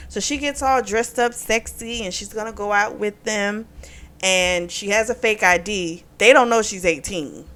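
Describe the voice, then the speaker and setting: A woman's voice: medium pitch, fairly bright tone. Frank, laughing woman recapping a book. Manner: frank and profane, laughing often. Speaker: book reviewer. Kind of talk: casual spoken book recap.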